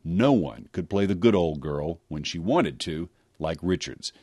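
A man reporting for radio news, narrating a scripted story in a measured, expressive delivery. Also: low-pitched, husky, no echo, studio quality. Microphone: close studio mic.

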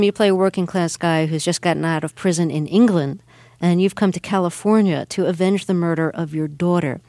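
Low-voiced woman interviewer. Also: darkish tone, no room sound. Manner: curious, conversational questioning. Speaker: interviewer, host. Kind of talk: radio interview.

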